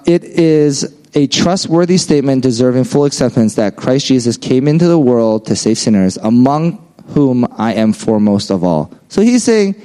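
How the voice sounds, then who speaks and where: A preacher delivers a casual, conversational sermon, often checking in with listeners by tagging "right?" onto his lines. His mid-range voice has a dark tone, and the audio quality is poor.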